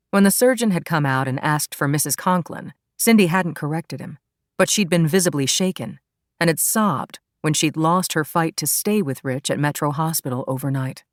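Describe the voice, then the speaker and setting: A woman narrating an audiobook in a calm, even storytelling manner. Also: low-pitched, no room sound, studio quality. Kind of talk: scripted narration.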